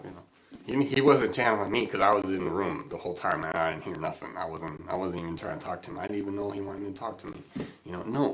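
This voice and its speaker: A man hosting a relaxed spiritual chat, with a voice sitting a little low. He rambles, circles back on himself with plenty of fillers, and breaks into easy laughs. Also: rough recording. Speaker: spiritual channeling host. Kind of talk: casual livestream chat.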